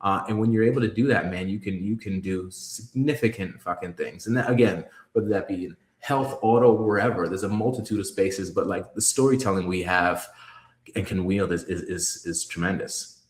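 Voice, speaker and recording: A man's voice: sits low, moderate pace, roomy sound. A man telling a personal story in a candid interview, emphatic and profane, restarting his sentences often. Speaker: guest, creative executive.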